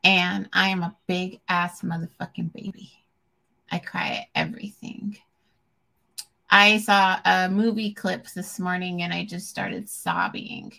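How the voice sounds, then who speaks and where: Candid woman in her forties, gravelly. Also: lowish voice, level tone, measured pace, hardly any pauses, bright, forceful tone. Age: 40s. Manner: candid and emotional, with frequent ums and self-restarts. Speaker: podcast host. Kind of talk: casual chat.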